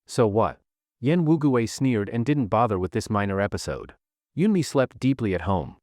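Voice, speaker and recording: A man's voice: fairly low pitch, sing-song, moderate pace, a little mellow, no echo, studio quality. A man narrating a recap of a web comic in a dramatic storytelling manner.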